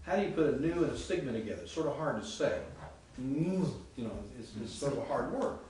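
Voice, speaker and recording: A man's voice: mid-range voice, expressive, fast, darkish tone. Chatty male professor in echoey classroom. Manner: chatty, asks the class questions, sounds out Greek words. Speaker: Greek professor. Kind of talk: classroom lecture. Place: seminary classroom. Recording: echoey classroom, mic far off, faint hiss.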